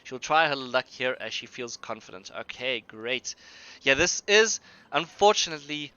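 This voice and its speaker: A man's voice: medium pitch, animated, normal speed, sharp tone, smooth, dry recording, dull audio. A man narrating a tabletop game on a live stream as game master, in a rambling, hesitant way.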